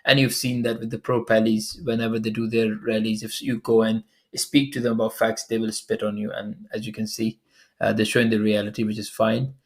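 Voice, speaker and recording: Gravelly-voiced man reading out comments. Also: lowish voice, little pitch movement. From Pakistan. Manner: chatty, laughs often, reads comments aloud with quick asides. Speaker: online commentator.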